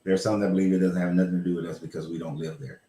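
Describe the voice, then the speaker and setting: A man's voice: sits low, level tone, very fast, dark tone, roomy sound. A man hosting a casual livestream chat, blunt and rambling, with profanity and laughs. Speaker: host.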